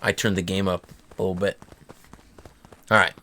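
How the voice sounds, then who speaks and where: A man's voice: sits low, level tone, moderate pace, bright, forceful tone. A man hosting a casual let's-play stream, upbeat and explaining the controls. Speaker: streamer host.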